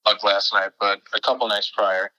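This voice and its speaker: Male podcast guest, giggly and rambly, bright sharp tone. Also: fairly low pitch, steady tone, moderate pace, poor audio. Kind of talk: casual comedic banter.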